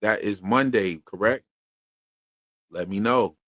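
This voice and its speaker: A man's voice: fairly low pitch, slow pace, a bit bright, dry recording. A man from Pennsylvania with a Philadelphia accent, co-hosting a loose, slangy livestream chat and reading viewer comments aloud. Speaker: podcast co-host.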